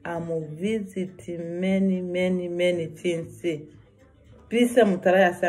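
Slow, earnest woman vlogger. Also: fairly low pitch, warm tone. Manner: earnest, repetitive, broken English. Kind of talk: personal warning vlog.

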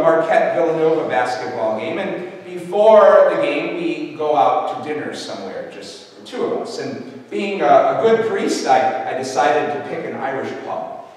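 Older priest preaching in an echoey church. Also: male voice, on the high side. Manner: storytelling, warm anecdotal with restarts. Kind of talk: sermon. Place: large church. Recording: echoey church hall from a distance.

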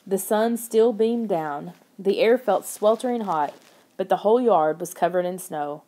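A woman reads a spooky children's book aloud, steady and expressive. Her voice is mellow and warm, pitched in a middle range for a woman. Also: a little slow. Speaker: audiobook narrator. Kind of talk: scripted first-person narration of a children's horror book.

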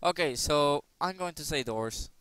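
Bright, crisp-voiced young man rambling. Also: a little high, animated, measured pace, no room sound. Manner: rambling, jokey, breaks into silly voices. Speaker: gaming channel host. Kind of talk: casual commentary playing a quiz game.

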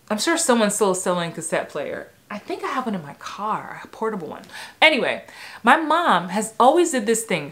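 A woman in her forties from New York, an acting coach, telling personal stories in a lively way, laughing and acting out voices from her memories. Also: mid-range voice. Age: 40s. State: a little emotional. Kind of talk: personal storytelling vlog.

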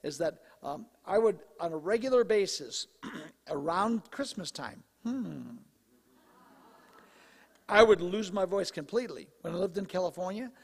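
A male pastor preaching a sermon in a conversational, animated way, his voice slightly hoarse. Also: high-pitched, a little slow, long reverb tail. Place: church sanctuary.

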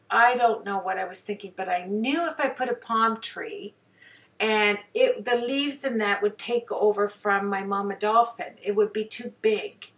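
A woman talks through her own painting in a loose, rambling way, full of "you know"s and little jokes at her own expense. Her pitch sits in an ordinary middle range. The mic sits a little away from her, so she sounds slightly removed. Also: fairly bright tone, recorded from a distance. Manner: chatty, rambling, self-deprecating, many fillers. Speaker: hobby painter. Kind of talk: casual voice-over about her own painting.

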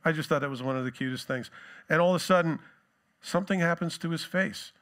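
A male pastor preaching a sermon in a relaxed, conversational way with joking asides. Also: on the high side, fast talker.

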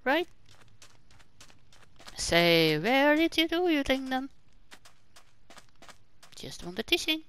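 A woman's voice: high voice, sing-song, drawn-out words, long pauses, fairly bright tone, a little hiss or hum. A woman hosting casual gameplay commentary, chatty and exclaiming, talking back to the characters on her screen. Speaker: gaming channel host.

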